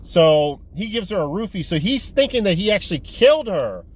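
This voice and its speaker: A man's voice: high-pitched, normal speed. A man giving a casual movie haul review, rambling and swearing as he retells a plot. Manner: rambling, profane, animated retelling. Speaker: movie collector vlogger.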